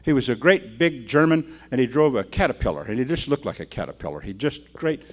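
An older man preaches in a relaxed, folksy manner, as if chatting with his congregation. His voice sits in an ordinary middle pitch, and he slips into the voices of the people in his anecdotes. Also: a little fast. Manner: folksy, conversational, acts out the people in his stories. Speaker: pastor. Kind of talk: sermon with storytelling.

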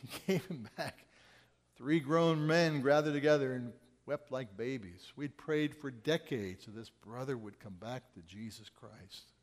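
A man preaching a sermon and telling stories, swinging between loud urgent quotes and quiet asides. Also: medium pitch, unhurried, big-room sound. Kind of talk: sermon storytelling.

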